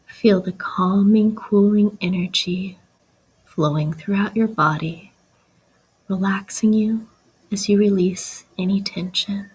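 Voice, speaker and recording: Whispered role-play: a woman as a calm meditation guide, unhurried and hushed, soft breathy delivery. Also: medium pitch, poor audio. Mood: soothing. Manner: slow, soft, half-whispered guidance.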